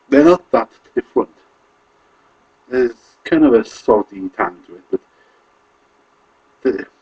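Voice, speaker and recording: A man's voice: medium pitch, mellow, breathy edge, highs cut off. A man from Wales with a Carmarthenshire accent, talking casually to camera in a rambling, self-correcting way. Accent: Welsh, Carmarthenshire. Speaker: vlogger.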